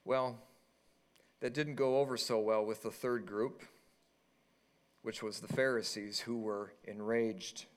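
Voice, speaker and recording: A pastor preaching a sermon, reading scripture and retelling it in an animated, storytelling way. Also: male voice, lowish voice, slow, long pauses. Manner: animated storytelling, acting out quoted voices.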